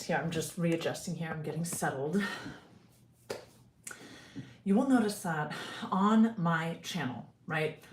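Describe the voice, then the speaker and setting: A woman's voice: lowish voice, a little hiss or hum. Casting note: a chatty woman vlogger, rambling and friendly with her viewers, in a roomy space. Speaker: singer and YouTuber hosting a livestream. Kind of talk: casual livestream chat.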